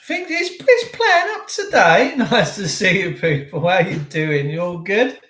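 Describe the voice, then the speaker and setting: A high-voiced man chats loosely to his livestream viewers, greeting them by name and wandering from topic to topic. His voice rings around an echoey room. The talk stays casual and rambling throughout. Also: sing-song, a little slow, fairly bright tone. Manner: chatty, rambling banter with viewers. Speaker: livestream host.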